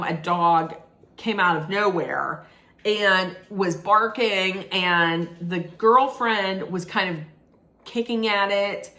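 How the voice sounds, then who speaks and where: A movie reviewer with a bright, forceful, mid-range voice gives a casual spoiler recap of a film's plot. She rambles, restarts her sentences, and says "like" a lot.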